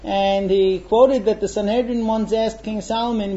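Man, religious teacher, animated storytelling, mellow voice, dull lo-fi sound. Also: high voice, normal speed, hardly any pauses, a little hiss or hum. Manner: animated storytelling with dramatic quotes. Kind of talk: storytelling lesson.

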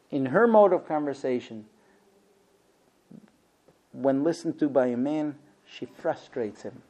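A man's voice: on the high side, darkish tone. A man lecturing a class about marriage, animatedly acting out both sides of conversations.

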